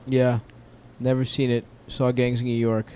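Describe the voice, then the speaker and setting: A man's voice: medium pitch, completely flat delivery, moderate pace, warm tone, slight background noise. A man co-hosting a casual podcast, teasing his friends with crude, needling jokes. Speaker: podcast co-host.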